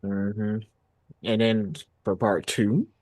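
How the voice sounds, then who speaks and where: A man hosting a casual interview, asking long two-part questions in a lively way. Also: on the low side, slow pace, no echo. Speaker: podcast host.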